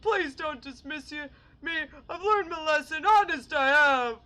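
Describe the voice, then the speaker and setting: A woman's voice: sits high, pushed and bright, poor audio. A woman reading a panicky lying adventurer man. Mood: pleading. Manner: pleading, rushed excuses. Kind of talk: reading game dialogue aloud. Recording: faint game music behind.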